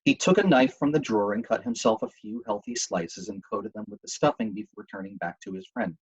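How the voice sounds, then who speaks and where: Husky male storyteller. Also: lowish voice, brisk, lo-fi sound. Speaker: reader. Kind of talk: audiobook reading.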